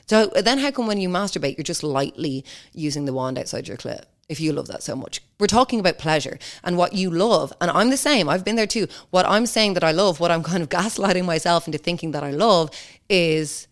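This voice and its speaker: A young woman hosts a casual podcast, speaking in a low voice. She talks bluntly and swears freely. She slips into mocking voices whenever she quotes other people. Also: fairly quick. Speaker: podcast host. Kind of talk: casual chat.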